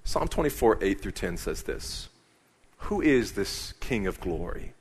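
A man's voice: lowish voice, sing-song, unhurried, husky, big-room sound. A middle-aged man preaching a sermon as pastor, conversational and emphatic.

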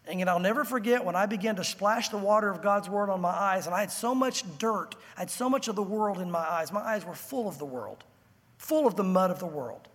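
A man preaching a sermon as pastor, telling the story with animated acted-out voices of the crowd. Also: high-pitched, brisk. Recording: long hall reverb.

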